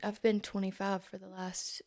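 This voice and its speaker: A woman's voice: medium pitch, completely flat delivery, normal speed, darkish tone. A woman in her thirties, a podcast guest chatting casually and joking about herself. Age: 30s. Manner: chatty, self-mocking. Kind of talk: casual chat.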